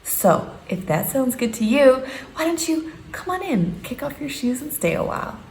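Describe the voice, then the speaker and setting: A woman's voice: sits high, big pitch swings, normal speed. A woman in her thirties, hosting a casual, joking home vlog and putting on exaggerated voices when she quotes people. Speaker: vlogger. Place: home room. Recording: echoey room with faint background noise.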